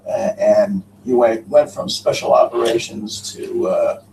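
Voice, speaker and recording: A man's voice: on the low side, fairly even intonation, a little slow, creaky, a little mellow, a little hiss or hum. A man in the audience asking a hesitant question from the floor of a lecture hall. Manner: hesitant, full of fillers. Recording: roomy audio from far off.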